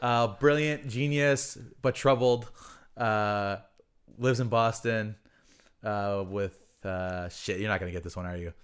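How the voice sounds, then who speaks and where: Smooth-voiced swearing man on a podcast. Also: fairly low pitch, measured pace. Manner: profane, laughing, animated storytelling. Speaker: podcast co-host. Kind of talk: casual podcast chat.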